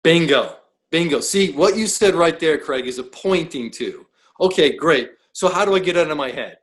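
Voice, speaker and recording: A man's voice: fairly high pitch, expressive, moderate pace, rough recording. A man who is a professional coach, talking as a podcast guest in an emphatic, blunt way, full of rhetorical questions. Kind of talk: podcast interview.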